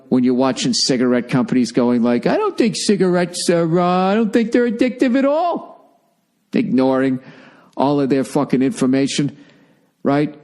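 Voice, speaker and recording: A man's voice: medium pitch, a little mellow. A man from the United States hosting his own podcast, ranting alone in a heated, sarcastic, profane way. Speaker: podcast host. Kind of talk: solo rambling rant.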